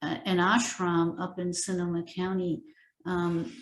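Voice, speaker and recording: A middle-aged woman gives an unhurried spiritual teaching, taking her time and often pausing or correcting herself. Her voice sits a little low. The room around her is echoey. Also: monotone, a little hiss or hum. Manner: gentle, halting explanation with many ums and self-corrections. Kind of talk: informal spiritual teaching talk. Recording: roomy echo.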